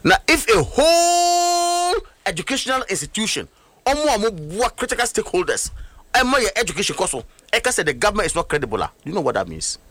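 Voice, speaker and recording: A middle-aged Ghanaian-accented man delivers heated political commentary, emphatic and packed with rhetorical questions, and he switches between languages. His voice is high-pitched and sing-song, a bit bright, and he talks fast.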